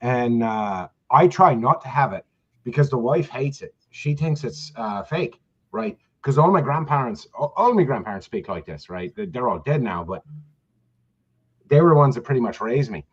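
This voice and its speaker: A man's voice: mid-range voice, animated, moderate pace, breathy edge, lo-fi sound. A man hosting a casual chat, joking and blunt, who swears freely. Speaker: podcast host.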